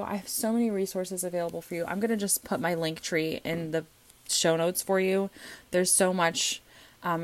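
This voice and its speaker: A woman's voice: on the low side, dry recording. A young adult woman, hosting her own podcast and coaching on birth prep. She talks in a chatty, heartfelt way with lots of fillers. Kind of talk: casual solo podcast talk.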